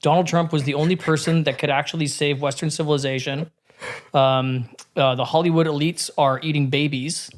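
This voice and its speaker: A man's voice: fairly high pitch, steady tone, a little fast. A man in casual podcast conversation, telling a candid story with frequent swearing and many restarts.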